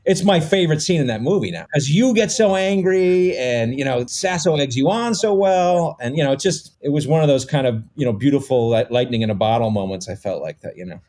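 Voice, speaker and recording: A man's voice: medium pitch, lively intonation, fairly quick, hardly any pauses, darkish tone. A middle-aged man as a podcast guest, swearing casually and rambling through stories with lots of fillers. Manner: rambling storytelling, many fillers. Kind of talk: casual conversation.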